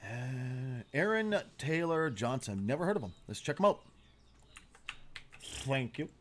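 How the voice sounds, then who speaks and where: A man's voice: mid-range voice, big pitch swings, unhurried. A man hosting a casual livestream, reacting bluntly with lots of swearing and often trailing off while he searches for names. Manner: blunt, profane, opinionated. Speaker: livestream host.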